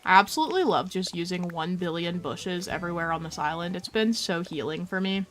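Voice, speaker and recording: A woman's voice: fairly low pitch, expressive, brisk, fairly bright tone, soft background music. A young woman casually chatting on a game stream, playful and talkative, talking to her cat and viewers.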